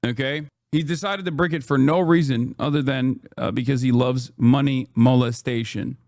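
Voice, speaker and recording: Reacting to the news on a live stream, this thirty-something political streamer rants with sarcasm and swearing in a casual commentary style. He speaks at a moderate pace in a steady, mid-range voice with a darkish tone. The recording is clean studio sound without any room sound.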